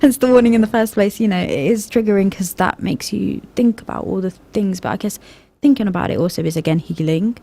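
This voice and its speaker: A woman's voice: medium pitch, fast talker, hardly any pauses, dark tone. A young woman co-hosting a casual youth radio discussion, rambling and hesitant with frequent laughs, speaking into a studio microphone. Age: young adult.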